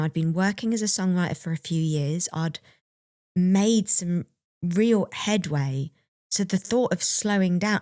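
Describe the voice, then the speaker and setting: In a dry, studio-quality recording, a young adult woman with a lowish, darkish voice co-hosts a podcast. She recounts a personal experience with candor and reflection, breaking into laughter now and then.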